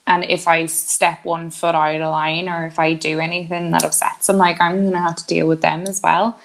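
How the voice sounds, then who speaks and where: A woman's voice: lowish voice, little pitch movement, moderate pace, vocal fry. A woman, co-hosting a podcast and telling a story in casual chat, acting out the lines of the people in it. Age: 20s. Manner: storytelling, acting out quotes, laughing often. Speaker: podcast co-host.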